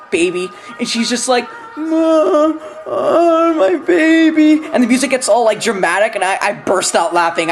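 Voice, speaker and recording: A woman's voice: lowish voice, poor audio. A young adult woman giving a casual, ranting movie review, rambling with constant fillers and restarts, swearing freely and laughing between points. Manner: rambling, full of "like" and restarts, profane, breaks into laughter. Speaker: film reviewer.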